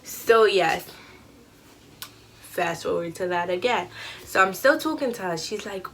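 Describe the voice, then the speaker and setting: A young woman vlogger telling a casual storytime, animated and slangy, acting out the dialogue. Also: fairly low pitch, a little slow, pauses often, slight background noise.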